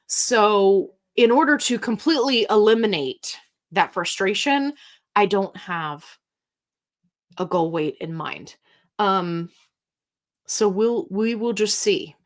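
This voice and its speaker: Slow-talking woman hosting a live Q&A. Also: mid-range voice. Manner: chatty and candid, reads viewer comments aloud and reacts. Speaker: livestream host answering viewer questions. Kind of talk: casual live Q&A chat.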